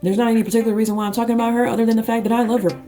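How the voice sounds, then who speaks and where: A woman's voice: fairly high pitch, flat delivery, very fast, background noise. A woman talking as a YouTube music commentator, casual and chatty with playful, sarcastic asides. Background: background music.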